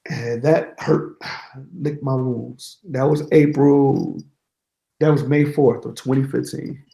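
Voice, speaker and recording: Interview guest, male: gravelly, candid storyteller, echoey room. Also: medium pitch, takes it slowly. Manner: candid, animated storytelling with quoted dialogue. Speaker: guest, certified network engineer.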